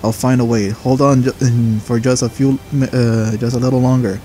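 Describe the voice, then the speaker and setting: A man voicing a calm older master who speaks in a measured, reassuring way. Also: mid-range voice, slight background noise, lightly acted. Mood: steady. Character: calm older male master, steady mentor.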